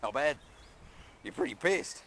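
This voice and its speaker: A man filming outdoors, teasing and drawling in a relaxed way with frequent chuckles between remarks. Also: fairly high pitch, a little slow, gravelly. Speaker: person filming a street encounter. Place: outdoors by a road, rural. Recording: noisy outdoor camera audio.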